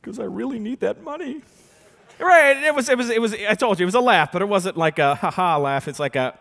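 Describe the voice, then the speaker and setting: A man, an animated storyteller giving a keynote talk, swinging from hushed to loud as he acts out the voices. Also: high voice, fast. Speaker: keynote speaker and magician. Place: large conference hall. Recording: reverberant conference hall.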